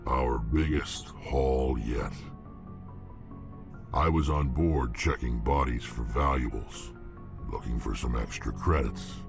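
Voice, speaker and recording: A man's voice: slow pace, over music, exaggerated voice. An actor voicing a huge, battle-hardened male alien mercenary in game dialogue, blunt and clipped. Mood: gruff. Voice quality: deep gravelly growl. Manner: blunt, clipped, terse sentences.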